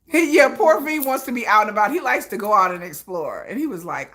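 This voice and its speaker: A woman's voice: medium pitch, animated, a little fast, fairly bright tone. A woman hosting a casual livestream, chatting and laughing often and greeting viewers in the chat. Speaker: livestream host.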